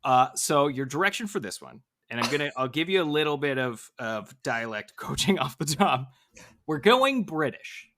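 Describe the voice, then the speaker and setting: A man's voice: a little high, sing-song, fairly bright tone. A man co-hosting a podcast, wry and joking as he directs his partner. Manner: wry, directing, quick to joke. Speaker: podcast co-host. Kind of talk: casual podcast banter.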